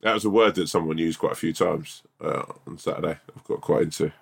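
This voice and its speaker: A man's voice: rumbling low, fast talker, vocal fry, husky. A man co-hosting a casual podcast, telling rambling hypothetical stories and laughing at them. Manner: rambling anecdotes, laughing at his own stories. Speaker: podcast co-host. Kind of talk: casual chat.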